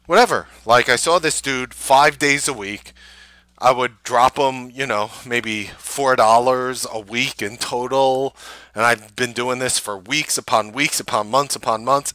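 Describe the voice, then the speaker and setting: A man's voice: mid-range voice, dry recording. A man, hosting a show and telling a casual, rambling anecdote full of fillers. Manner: rambling, filler-heavy anecdote with animated quoted voices. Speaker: show host. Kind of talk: casual storytelling. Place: Manhattan.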